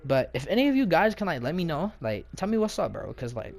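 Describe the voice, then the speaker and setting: Guy venting a story to camera, loose slang, kinda high voice, keeps going off track. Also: big pitch swings, quick pace, gravelly. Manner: slangy, rambling, indignant storyteller. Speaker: student telling a story. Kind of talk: casual storytime vlog.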